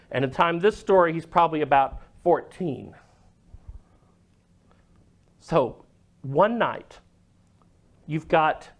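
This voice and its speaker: Male pastor, sermon, storytelling, high and animated, unhurried. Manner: storytelling, dramatic drops to a hush.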